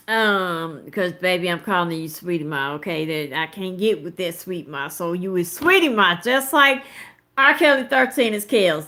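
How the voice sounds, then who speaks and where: A woman in her thirties hosts a live commentary show, and her voice is medium-pitched with a fairly bright tone. She's blunt and emphatic, swears a lot, and speaks casually and directly to her viewers.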